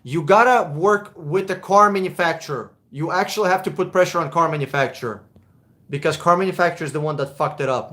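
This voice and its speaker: Male livestream host, fairly high voice; blunt, off-the-cuff delivery with some swearing. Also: fairly quick, pushed and bright. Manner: blunt, casual, swears, repeats words when thinking. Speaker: livestream host answering car questions. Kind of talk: casual live Q&A chat.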